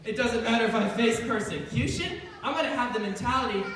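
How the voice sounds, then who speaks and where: A young adult man with a very high voice gives a playful, laughter-filled youth devotion to children, speaking a little fast with hardly any pauses. This comic youth sermon is animated, with frequent laughing, and takes place in an indoor hall. It's recorded from far off in the echoey hall, with the children's audience and room noise in the background.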